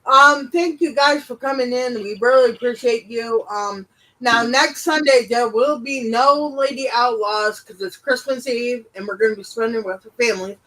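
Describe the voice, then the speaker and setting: A woman co-hosting a casual livestream, telling stories in an animated way and swearing freely. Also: on the high side, normal speed, low-quality recording. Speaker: co-host.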